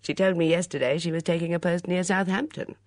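A woman voicing a sharp-tongued young woman with a crisp, teasing delivery. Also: on the low side, fairly even intonation, fast, no room sound, clean studio sound, natural voice. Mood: wry.

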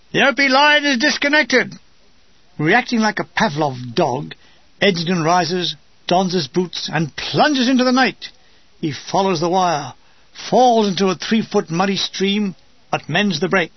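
Casting: older British narrator, wry and dry, high husky voice, dull dry lo-fi recording. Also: male voice, dry recording. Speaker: memoir narrator. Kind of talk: reading a war memoir.

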